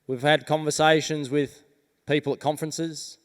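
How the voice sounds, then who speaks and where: A man's voice: a little high, little pitch movement, moderate pace. Earnest man rallying a crowd. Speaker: keynote speaker. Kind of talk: motivational talk on stage. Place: large conference hall. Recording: reverberant conference hall.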